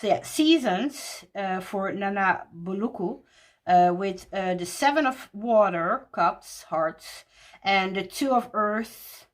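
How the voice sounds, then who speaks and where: A woman walking through a tarot deck in casual talk, gushing and excited, laughing often. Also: medium pitch, slow.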